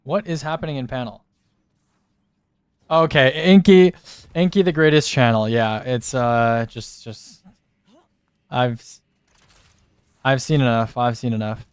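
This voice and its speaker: Dude streaming a game, smooth clear voice, cussing at his teammates, super dry sound. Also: mid-range voice, unhurried, pauses often, no room sound. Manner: profane, blunt, joking. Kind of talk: casual gaming banter with teammates.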